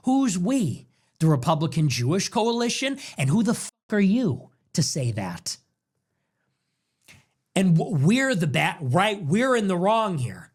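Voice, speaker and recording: A man with a high-pitched voice delivers heated political commentary as a show host. His delivery is combative and sarcastic, built on pointed rhetorical questions. His pitch swings widely as he argues. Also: sing-song, unhurried, husky.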